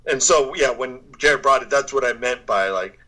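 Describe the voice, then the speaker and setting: A man's voice: mid-range voice, normal speed, bright, forceful tone, poor audio. An American man, a guest actor, chatting casually in an interview and laughing often. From United States. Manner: laid-back, laughs often.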